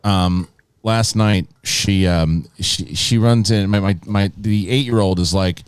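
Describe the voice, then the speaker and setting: A man's voice: on the low side, unhurried, clear, resonant tone, dry recording. A man in his thirties hosting a live talk show, telling stories animatedly, laughing often and acting out his kids' voices. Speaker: host. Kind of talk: casual live show chat.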